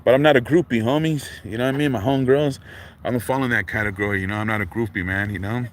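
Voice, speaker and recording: A man's voice: medium pitch, steady tone, quick pace. A middle-aged man, talking casually on a livestream in street slang and filling his lines with man and dog. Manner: laid-back street slang, constant fillers like man and dog. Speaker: livestream host. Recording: faint background noise.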